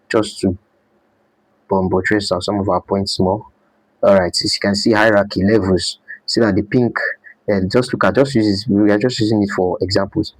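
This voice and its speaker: A man's voice: on the low side, darkish tone, no echo, low-quality recording. A man teaching a live design class, repeating his points and quizzing students with "what?". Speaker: design instructor.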